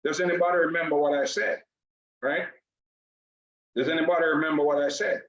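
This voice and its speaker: Energetic man hosting an online class. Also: on the high side, fairly quick. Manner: repetitive, asks "right?" after nearly every phrase; energetic, addresses the audience and the chat directly. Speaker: online class host and coach. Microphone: video call. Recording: dull, echoey video call audio.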